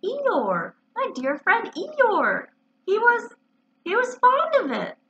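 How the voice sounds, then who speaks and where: A woman voicing a humble, simple-minded male toy bear in a storybook reading, speaking slowly and earnestly, on a dull lo-fi recording. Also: very high voice, wildly swooping pitch, bright, forceful tone, a little hiss or hum, pitched above the performer's own voice, full character voice. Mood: solemn. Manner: slow, earnest and wistful.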